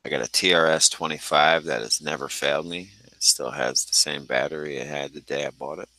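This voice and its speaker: A man's voice: rumbling low, fairly even intonation, fairly quick, sharp tone, no echo, low-quality recording. A man chatting casually and joking on a podcast about gear he's selling. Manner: joking, laid-back. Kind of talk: casual chat.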